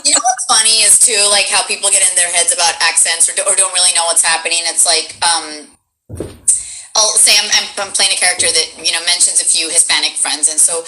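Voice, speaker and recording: A woman hosting a casual chat, telling stories lively and acting out the quotes. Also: on the low side, fairly quick. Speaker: podcast host, voice actress. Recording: noisy recording.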